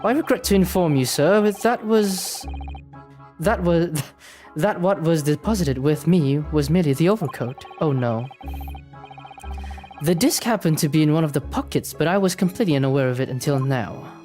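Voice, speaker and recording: A man's voice: on the high side, lively intonation, normal speed, a little mellow, faint music behind, lightly acted. A man voicing a nervous, fawning pawnbroker who stammers out hesitant apologies.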